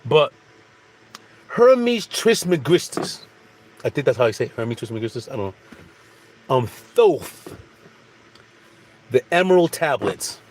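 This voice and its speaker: A man's voice: mid-range voice, expressive, moderate pace, pauses often, a little hiss or hum. A man giving a casual, rambling spiritual monologue, repeating phrases and restarting sentences. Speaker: spiritual speaker.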